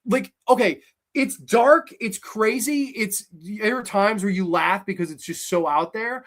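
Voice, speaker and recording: A man hosting a horror movie show, retelling a film's plot in an energetic, animated way with fillers. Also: high-pitched, unhurried. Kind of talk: casual movie review.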